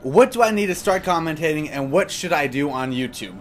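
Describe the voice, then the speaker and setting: A man's voice: a little high, expressive, brisk, slight background noise. A young man chatting casually while he comments on gameplay and answers viewer questions, rambling with plenty of fillers into a desktop mic at home. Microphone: desktop USB microphone.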